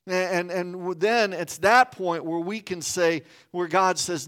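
A man's voice: high-pitched, steady tone, unhurried, few pauses, a bit bright, clean tone. A man preaching a sermon as a pastor, earnest, often repeating words as he builds his point.

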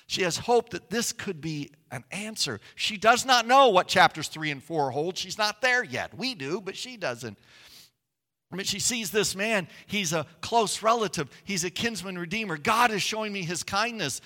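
A man preaching a sermon, telling stories with swings from hushed tones to loud, emphatic passages. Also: high voice, lively intonation, normal speed, in a large hall. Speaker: pastor.

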